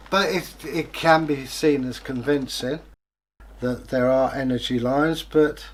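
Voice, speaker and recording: A man's voice: medium pitch, slow, pauses often. Hesitant, musing man co-hosting. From England. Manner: hesitant, musing, many fillers. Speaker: co-host. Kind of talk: casual comment-reading chat.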